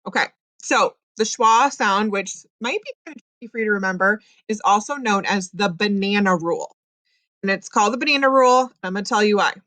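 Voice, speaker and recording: A woman teaches phonics in a patient, step-by-step way, stretching out sounds as she models them. Her voice sits at an ordinary middle pitch and is recorded dry and close, with no room sound around it. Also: bright, forceful tone, no echo. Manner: patient, explains step by step, sounds out words slowly. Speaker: reading teacher. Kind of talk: classroom phonics lesson.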